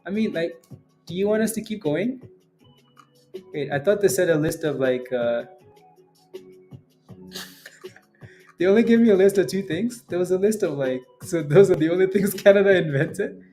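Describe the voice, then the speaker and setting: A man's voice: high voice, moderate pace, long pauses. Joking livestream host, man, faint music. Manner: joking, animated, laughs often. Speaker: livestream stock trading host. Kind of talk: casual livestream chat.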